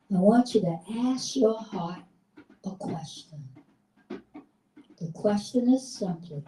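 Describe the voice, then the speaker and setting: A woman guiding a group through a slow breathing meditation in a theater, with calm, drawn-out instructions. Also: a little high. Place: theater hall. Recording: roomy live hall from far off.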